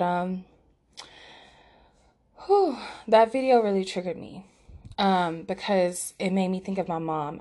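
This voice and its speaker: A woman's voice: medium pitch, a little mellow. A young woman hosting a podcast, telling a personal story candidly and emotionally, with many fillers and restarts, in a room away from her usual setup. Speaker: podcast host. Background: outside noise through an open window.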